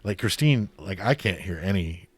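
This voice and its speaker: A man's voice: low voice, expressive, normal speed, slightly rough, no room sound. A man co-hosting a podcast in casual chat, rambling with many fillers and frequent swearing. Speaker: podcast co-host.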